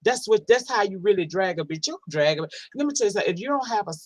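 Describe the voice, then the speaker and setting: A woman talks casually on her livestream, answering chat in a blunt, sassy, heavily profane way. She stretches words out when she wants to make a point. Her voice sits at a middling pitch, and the sound is close and dry, with no room echo. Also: expressive, quick pace. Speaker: livestream host. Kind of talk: casual livestream talk, reading chat comments.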